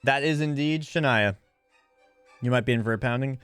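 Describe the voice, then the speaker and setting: A man's voice: medium pitch, moderate pace, pauses often, fairly bright tone, clear, resonant tone, soft background music. A man streaming a game live, reacting casually and reading dialogue aloud. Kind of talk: live gameplay commentary.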